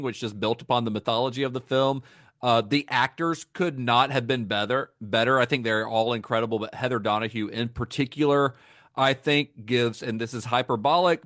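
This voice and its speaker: A man's voice: medium pitch, a bit bright, dry recording, clean studio sound. Enthusiastic man in casual film talk. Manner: enthusiastic, frequent fillers and restarts. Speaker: podcast co-host.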